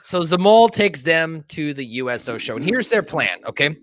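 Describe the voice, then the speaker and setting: A man's voice: fairly high pitch, normal speed. A man hosting a casual podcast, retelling a film with profanity and acted-out character lines. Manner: animated, profane, acts out characters while laughing. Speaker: podcast host.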